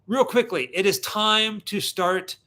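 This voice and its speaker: A man's voice: high-pitched, measured pace, bright, forceful tone. A man co-hosting a casual livestream watch party from a hotel room, joking and teasing as he talks to viewers. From Pittsburgh, USA. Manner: joking, teasing, self-deprecating.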